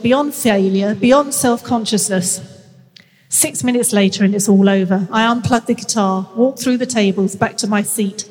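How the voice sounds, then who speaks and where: With a mid-range, darkish voice, this sixties-aged guest author speaks in a nasal North London accent. She chats openly and reads from her memoir with self-mocking humour, amid long hall reverb.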